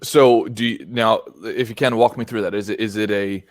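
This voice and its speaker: Male podcast host, lowish voice, dry sound, measured explainer. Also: steady tone, no room sound. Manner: measured, explains ideas step by step. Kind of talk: casual conversation.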